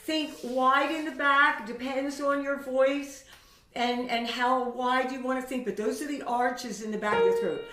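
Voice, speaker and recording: A woman vocal coach leading a warm-up lesson, coaxing her students and singing scales to show them how it's done. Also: high voice, fairly even intonation, measured pace, far from the mic. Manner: coaxing, sings demo scales between spoken tips. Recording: echoey room, voice from off the mic, loud piano. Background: piano accompaniment.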